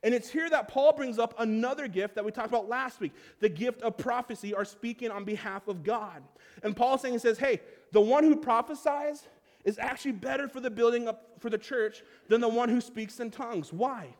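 A man's voice: extremely high pitch, normal speed, a little mellow, in a large hall. A man preaching a conversational sermon as pastor, often restarting his phrases.

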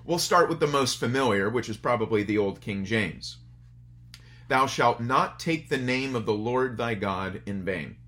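A man's voice: mid-range voice, animated, unhurried, fairly bright tone. A man preaching a sermon in a conversational, storytelling way at a church service streamed online. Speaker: pastor.

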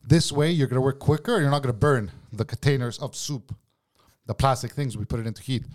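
A man's voice: mid-range voice, fast. Profane man telling a heated story. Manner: acts out both sides of arguments. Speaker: guest telling a work story. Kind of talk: casual podcast chat.

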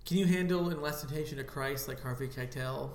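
A man's voice: medium pitch, fairly quick, crowd noise. A man co-hosting a casual film podcast, rambling through asides and fillers. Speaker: podcast co-host. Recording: roomy echo.

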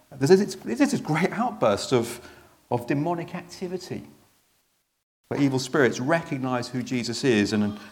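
A man's voice: mid-range voice, creaky. A man preaching a sermon in a conversational way, often tagging points with rhetorical questions.

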